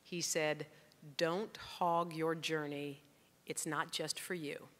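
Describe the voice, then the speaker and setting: Middle-aged woman telling a story onstage, bright forceful voice, acts out the dialogue, big hall echo. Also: low-pitched, takes it slowly. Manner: animated storyteller acting out dialogue. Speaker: keynote speaker. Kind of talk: storytelling speech. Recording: long hall reverb.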